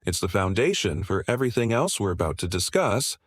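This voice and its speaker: Male narrator, lowish voice, measured and assured scripted delivery, dry close sound. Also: very animated, dry recording. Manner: measured, confident storytelling with rhetorical questions.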